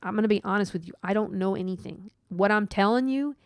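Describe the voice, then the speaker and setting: Earnest rambling woman podcaster, smooth voice. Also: medium pitch, fast talker, darkish tone, no echo, studio quality. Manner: earnest, rambling, with many asides and "like". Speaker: podcast host. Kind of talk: personal faith podcast monologue.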